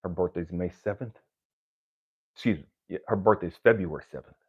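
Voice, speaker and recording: A man, a spiritual coach, giving an emotional, confessional motivational monologue that drops to low murmurs and rises to near-shouts, swearing often. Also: a little fast, slightly rough, phone-quality sound.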